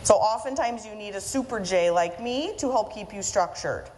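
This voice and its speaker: A keynote speaker and author, a woman, delivers a funny, chatty, self-mocking conference talk to an audience in an event hall. Her voice is medium-pitched and somewhat dark, at a moderate pace. The hall is reverberant, with faint room noise.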